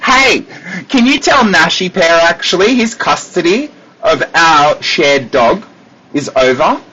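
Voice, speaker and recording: An Australian man, a psychic medium, chatting casually with viewers on a livestream from his desk, animated and laughing often. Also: fairly high pitch, measured pace, slightly rough. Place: at a desk at home. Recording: dull lo-fi livestream audio.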